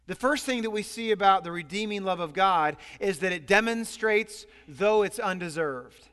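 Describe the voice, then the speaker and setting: A man preaching a sermon as pastor, animated and storytelling. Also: high voice, moderate pace, clear, resonant tone. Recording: long hall reverb.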